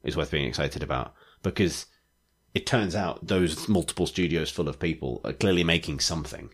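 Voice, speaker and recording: A man with a low, deep voice talks in casual podcast chat. He rambles enthusiastically, full of likes and restarts, as a regular co-host. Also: moderate pace, slightly rough. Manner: rambling, enthusiastic, many fillers.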